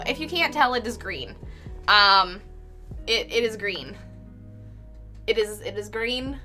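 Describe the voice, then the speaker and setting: A woman's voice: medium pitch, lively intonation, slow, long pauses, sharp tone, faint music behind. A young woman streaming live while painting, chatting casually, reading out chat messages with lots of fillers and little laughs.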